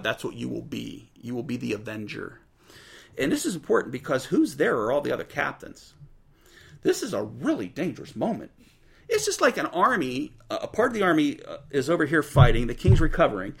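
A man giving a casual Bible teaching, retelling scripture in relaxed everyday slang. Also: medium pitch, vocal fry, husky.

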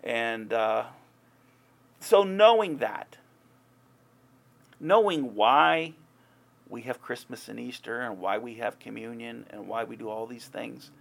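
A man's voice: medium pitch, slow, creaky, long pauses, fairly bright tone. A man preaching an informal sermon in a conversational way, growing heated and emphatic as he goes. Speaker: pastor.

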